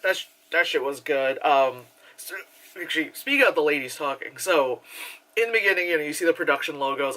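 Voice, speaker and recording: A young woman talks through a movie review in a loose, chatty ramble, her voice bright and sharp. She piles on filler words, swears without a second thought and laughs often between thoughts. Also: deep voice.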